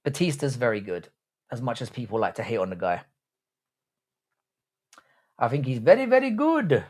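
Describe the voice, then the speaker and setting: Chatting with viewers on his live stream, this young host reads comments and trades blunt, profane, crude banter. He speaks at a normal speed in an animated, medium-pitched voice that's a little mellow.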